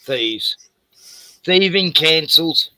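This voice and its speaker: Blunt Australian man, bright dry voice. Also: on the high side, expressive, drawn-out words, dry recording. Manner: blunt, swearing storyteller. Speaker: host. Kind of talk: casual chat.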